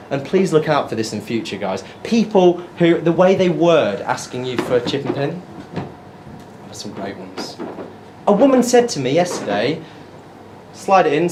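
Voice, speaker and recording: British guy doing stand-up, high-pitched and bouncy, excitable storytelling, noisy live recording. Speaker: stand-up comedian. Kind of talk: stand-up comedy set with crowd work. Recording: live set with clear background noise.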